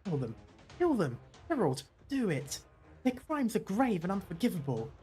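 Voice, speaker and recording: A streamer reading game dialogue aloud, voicing a fanatical bishop who gives orders to a sea creature in a quiet, stern way. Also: medium pitch, wildly swooping pitch, moderate pace, soft background music, voice pushed up. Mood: commanding.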